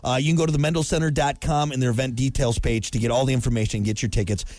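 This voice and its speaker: A man hosting a morning radio show, bantering casually and reading event plugs in a quick announcer patter. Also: medium pitch, fairly even intonation, a little mellow, dry recording.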